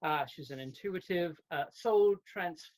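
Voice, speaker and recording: Chatty woman host, low voice. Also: moderate pace, darkish tone. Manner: chatty, laughs often, stumbles over words. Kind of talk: interview chat.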